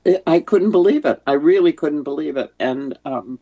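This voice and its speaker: Older actress guest, gravelly, meandering and full of restarts. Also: female voice, deep voice, lively intonation, moderate pace. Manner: warm, rambling, many restarts. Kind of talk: casual interview chat.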